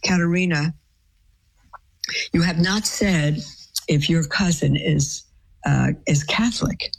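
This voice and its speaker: Husky religious sister giving advice. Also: female voice, low voice, slow pace, rough recording. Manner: reads letters aloud, then gives gentle advice. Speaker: nun answering listener letters. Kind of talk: advice show reading letters.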